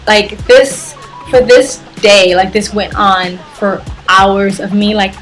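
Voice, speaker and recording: Over soft background music, a young woman from the United States tells a travel story on her vlog, performing the dialogue with lots of "like" sprinkled throughout. She has a mid-range voice and takes her time.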